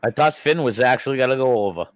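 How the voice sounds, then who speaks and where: A man's voice: mid-range voice, quick pace, dry recording. A man chatting about wrestling on a panel, speaking emphatically and often giving short agreeing replies. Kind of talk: casual wrestling chat.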